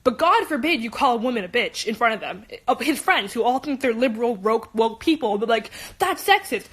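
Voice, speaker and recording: Teen girl ranting, high-pitched, keeps restarting mid sentence. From Los Angeles. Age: teens. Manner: animated, rapid, many restarts. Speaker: high school student. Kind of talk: emotional personal rant.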